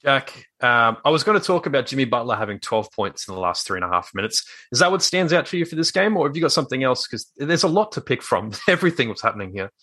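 A man's voice: mid-range voice, very animated, fast talker, hardly any pauses, pushed and bright. A man hosting a casual sports podcast, joking and teasing his panel. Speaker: podcast host.

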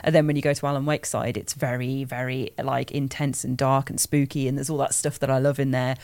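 A woman's voice: a bass voice, level tone, a little fast, darkish tone, dry recording. A British woman hosting a casual podcast, chatty and giggly, reading viewer comments aloud. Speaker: podcast host.

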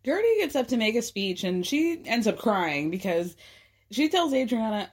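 Woman, casual recap commentary, sarcastic, animated, fairly high voice. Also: normal speed, slightly rough. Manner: sarcastic, animated, laughing asides. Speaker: recap vlogger.

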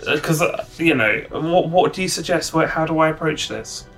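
A man's voice: fairly high pitch, lively intonation, moderate pace, gravelly, a bit bright, soft background music, poor audio. A man playing a tabletop game casually, unsure and asking for help. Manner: unsure, asks for help, laughs easily. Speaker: player.

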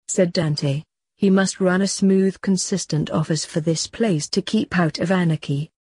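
Woman narrator, low-ish husky voice, dry close sound. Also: dark tone, dry recording. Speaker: podcast host and author reading her story. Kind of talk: storytelling narration.

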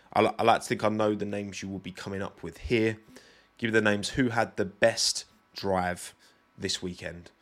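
A man's voice: sits low, vocal fry. A young British man with a British accent hosting a podcast, chatting loosely and directly to his live audience with plenty of self-deprecating asides. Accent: British English. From Britain. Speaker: podcast host. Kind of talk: casual solo chat with live chat.

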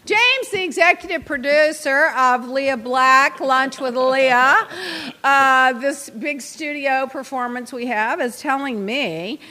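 A woman's voice: high voice, slow, bright, forceful tone, in a large hall. A woman hosting a podcast in a studio, chatting casually and laughing often as she tells stories. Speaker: podcast host. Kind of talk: casual chat.

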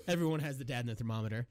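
A man's voice: fairly low pitch, a little mellow, no room sound. A young adult man co-hosting a podcast. He retells a movie scene in casual, rambling chat, swearing and laughing as he goes. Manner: rambling, swears freely, laughs while telling a story. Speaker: podcast co-host.

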